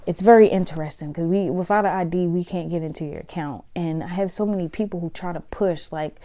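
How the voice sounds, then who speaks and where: A woman hosts her own podcast, talking through her day in a loose, conversational way. Her voice sits low and sounds mellow and warm. She laughs often between her thoughts. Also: normal speed. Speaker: podcast host. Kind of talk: casual solo podcast monologue.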